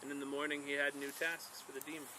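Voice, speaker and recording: A man, a bushcraft instructor, telling an animated story to a camp group outdoors. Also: a little high, fast, noisy background. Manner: animated storyteller, draws lessons from tales. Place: outdoors at a woodland skills camp.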